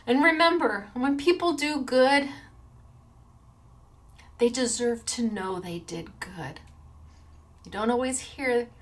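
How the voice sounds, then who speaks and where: A woman's voice: fairly high pitch, fairly bright tone. A woman hosting a crafting show, chatting casually to viewers in an earnest, emotional way. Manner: earnest and emotional, quick to tear up.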